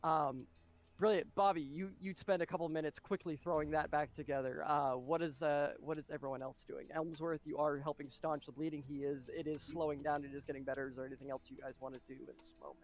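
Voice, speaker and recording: A man narrating as game master of a tabletop game, excitable and full of fillers and spoken sound effects. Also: a little high, fast, soft background music.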